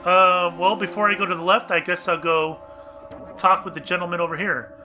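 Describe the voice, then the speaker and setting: A man's voice: high-pitched, little pitch movement, a little fast, pushed and bright, faint music behind. A young man casually commenting on a game for viewers, chatty and bemused, reading on-screen text aloud. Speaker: let's play gamer.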